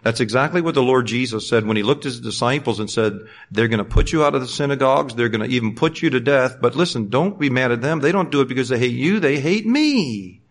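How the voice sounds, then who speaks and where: A middle-aged man delivers a sermon in a mid-pitched voice. He rises into loud, fervent preaching, then drops to quiet storytelling. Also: fast talker, few pauses.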